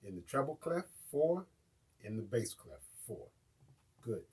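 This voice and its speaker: A man's voice: medium pitch, sing-song, unhurried, darkish tone, husky. A man with an American accent teaching a casual live online drum lesson and often checking in with his viewers.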